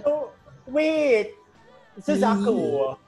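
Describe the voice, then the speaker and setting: A woman's voice: medium pitch, big pitch swings, extremely slow, darkish tone, husky, faint music behind. A woman with a Filipino accent co-hosting a casual online chat show, teasing and playful, mixing English and Tagalog. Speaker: co-host.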